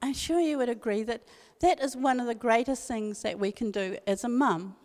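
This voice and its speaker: Older New woman, slightly high voice, earnest emphatic church talk, long hall reverb. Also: moderate pace, a little mellow. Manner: earnest, emphatic, repeats key phrases. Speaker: speaker at a women's church meeting. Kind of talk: devotional talk with personal story.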